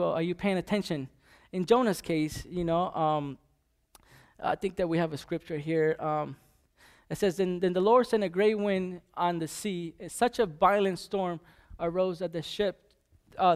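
A man preaches in a loose, conversational way, stumbling over his words and starting sentences over and over. His voice sits a bit high for a man and carries a gravelly rasp. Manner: halting, many restarts and fillers, conversational. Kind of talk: informal sermon.

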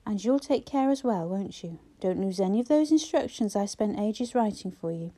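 A woman reading a brisk, sharp-tongued young woman who trades teasing banter, in an audiobook. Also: mid-range voice, expressive, close to an everyday voice. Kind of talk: audiobook character voice.

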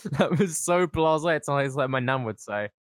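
High, animated joking podcast man. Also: no echo. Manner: joking, quick banter with laughs. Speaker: podcast host. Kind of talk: casual comedic chat.

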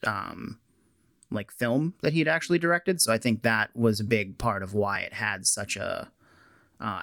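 A man's voice: lowish voice, fairly bright tone, no echo. Hedging co-host man, dry sound. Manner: thoughtful, hedging, full of restarts. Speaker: podcast co-host. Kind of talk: casual chat.

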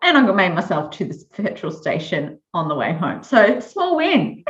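A woman co-hosting a podcast in casual chat, reflective and quick to laugh. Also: low voice, sing-song, fairly bright tone. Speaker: podcast co-host. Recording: dull roomy sound.

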